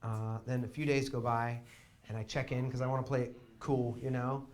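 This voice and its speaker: A young man telling a long comic story on a theater stage, chatty and wry, shouting quoted lines for effect. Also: medium pitch, little pitch movement, moderate pace. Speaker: comedian. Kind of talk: live storytelling stand-up. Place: small theater stage with audience.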